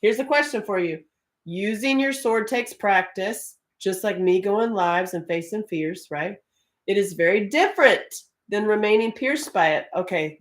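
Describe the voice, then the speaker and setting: A middle-aged woman hosting a live stream in casual, animated talk, laughing often. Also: mid-range voice. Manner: animated, laughs often, Southern-tinged "y'all".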